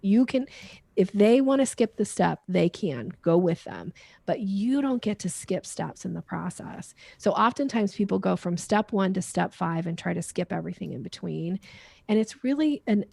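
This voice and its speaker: A woman's voice: medium pitch, lively intonation, moderate pace, gravelly, darkish tone, no room sound. A woman guest on a podcast interview who explains sales step by step in a teaching tone and laughs while making points.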